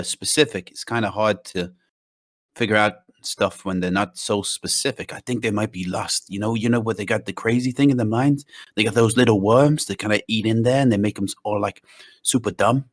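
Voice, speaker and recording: A man's voice: fairly low pitch, moderate pace. A man joking around while playing a tabletop game, stumbling over his words. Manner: joking, stammering. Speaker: player. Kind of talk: casual tabletop play.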